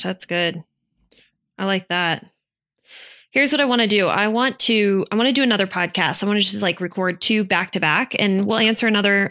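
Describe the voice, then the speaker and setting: A woman's voice: mid-range voice, pushed and bright. A woman in her thirties co-hosting a marriage podcast, talking in an earnest, casual advice-giving way with many fillers. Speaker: podcast co-host. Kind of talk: casual chat about relationships.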